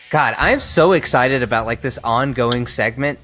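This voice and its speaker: A young man co-hosting a casual podcast chat, excitable and swearing casually. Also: medium pitch, fairly quick, hardly any pauses, soft background music. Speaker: podcast co-host.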